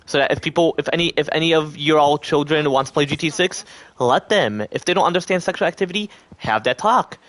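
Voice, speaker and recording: A man's voice: fairly high pitch, quick pace, a bit bright, no room sound. A man streaming live, rambling casually to his chat in a loose, stream-of-thought way and acting out other people's lines as he goes. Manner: acts out quoted voices. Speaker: livestreamer.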